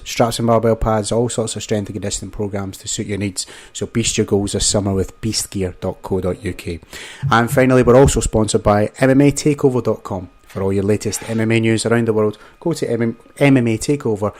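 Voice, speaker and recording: A man's voice: fairly low pitch, a little mellow. A man hosting a casual panel show, reading sponsor spots and calling his guests mate. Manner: chummy, calls guests mate and amigo. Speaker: podcast host.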